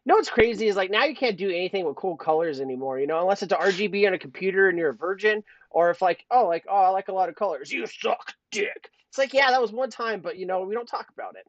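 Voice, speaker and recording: A man's voice: high voice, expressive, quick pace, few pauses, no room sound. A man co-hosting a casual livestream chat, jokey and rambling, laughing often as he reads out the chat. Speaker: podcast co-host. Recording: dull lo-fi stream audio.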